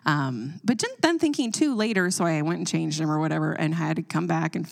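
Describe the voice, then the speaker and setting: A woman in her thirties telling a funny parenting story in casual chat, lively and expressive. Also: a little fast, creaky. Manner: animated storyteller, quotes herself with higher voice. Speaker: parent and co-host.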